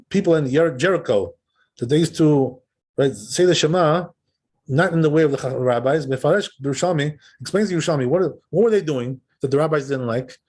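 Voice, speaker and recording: A rabbi with a slightly high, darkish-toned voice leads a text study lesson, reading and translating. He reads passages aloud, explains them in an easygoing way, and often checks in with his listeners.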